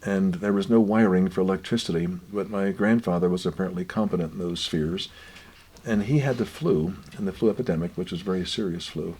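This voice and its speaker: An older man gently telling family stories in an unhurried, reflective way, his voice often dropping quiet. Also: low voice, slightly rough. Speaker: guest author.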